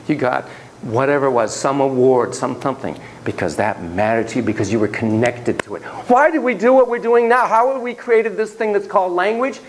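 A man lecturing in a classroom, his voice sitting a little higher than most men's. He delivers the lesson theatrically and swings between quiet asides and sudden exclamations. He keeps putting questions to the class, with a faint hiss of noise under the recording. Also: low-quality recording. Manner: animated, theatrical, jumps between hushed and exclaiming.

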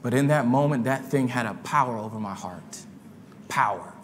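A man preaching a sermon in a church, his delivery swinging between quiet murmurs and loud shouts. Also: medium pitch, normal speed, long reverb tail, slight background noise. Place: church sanctuary.

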